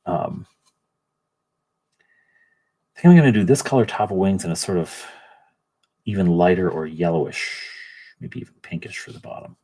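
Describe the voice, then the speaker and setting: A middle-aged man with a low, expressive, dark-toned voice talks briskly while hosting a livestream. He paints miniatures and chats in a rambling, casual way, greeting viewers by name.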